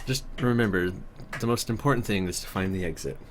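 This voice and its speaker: A man's voice: low-pitched, fairly quick, noisy background, natural voice. A man doing a cryptic young pioneer.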